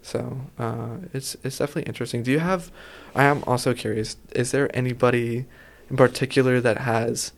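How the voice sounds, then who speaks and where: A man's voice: mid-range voice, steady tone, fairly quick, creaky. Reflective male host, casual and hesitant. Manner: reflective, hesitant, many fillers. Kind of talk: casual conversation.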